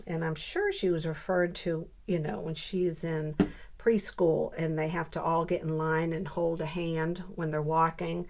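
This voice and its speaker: An older woman and grandmother chatting casually through a scrapbooking tutorial. She often mutters softly to herself while she works. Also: on the low side, steady tone, moderate pace. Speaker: scrapbooking crafter and channel host. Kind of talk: casual crafting tutorial chat.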